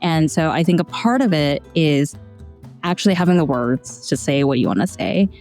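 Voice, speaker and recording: A woman's voice: low-pitched, expressive, moderate pace, a little mellow, faint music behind. A young adult woman from the United States, a guest on an interview podcast, talking candidly about her own experiences and laughing now and then as she tells them. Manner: candid, laughs while telling stories. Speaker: guest, founder of a language platform. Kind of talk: conversational interview answer.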